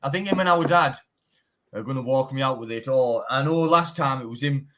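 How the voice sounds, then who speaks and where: Being interviewed casually on a live stream, a young bare-knuckle fighter from Teesside in northeast England speaks fairly quickly in a mid-range, somewhat bright voice. He's animated, swears a lot, and says "mate" all the time.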